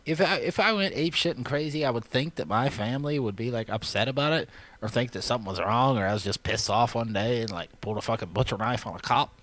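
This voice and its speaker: A young man from casually reading and mocking local news stories, swearing a lot and acting out loud voices. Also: mid-range voice, quick pace, dry recording. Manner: profane, joking, acts out voices loudly.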